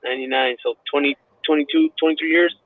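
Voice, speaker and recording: A man hosting a casual chat, quick to cut in with emphatic remarks. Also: mid-range voice, fairly even intonation, dry recording. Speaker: host. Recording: tinny phone line.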